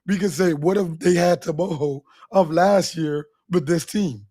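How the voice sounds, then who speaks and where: A man's voice: a little high, measured pace, warm tone, dry recording, studio quality. A man co-hosting a casual sports podcast, boastful and emphatic, repeating his points with laughs. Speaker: podcast co-host.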